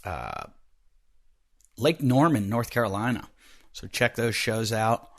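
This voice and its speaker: A middle-aged man with a stuffy nose hosting a podcast, rambling and joking, swinging from loud bursts to muttered asides. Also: lowish voice, lively intonation, slow. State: stuffy nose, a bit snotty. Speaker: podcast host and comedian. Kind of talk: casual podcast monologue.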